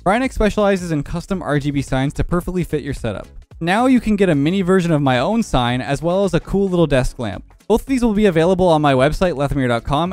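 A man hosting a gaming channel, giving upbeat, excited commentary. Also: on the high side, no echo. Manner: excited, quick, laughing often.

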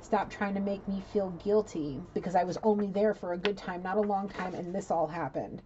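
A woman's voice: mid-range voice, fairly quick, highs cut off, background noise. A woman giving a rambling, blunt psychic reading in a casual, chatty way. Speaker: psychic tarot reader.

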